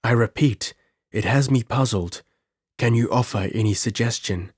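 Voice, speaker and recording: A man's voice: mid-range voice, moderate pace, slightly rough, no echo, clean studio sound, natural voice. A man reading an audiobook and voicing a cold, sinister male scientist who murmurs with detached, clinical interest. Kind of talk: audiobook character voice.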